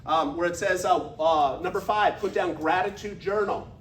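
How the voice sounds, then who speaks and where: A high-voiced man in his fifties gives a folksy, energetic motivational talk. He is heard from far off in an echoey meeting room. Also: moderate pace, slight background noise. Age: 50s. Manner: energetic, folksy, leads audience call-and-response. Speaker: business speaker.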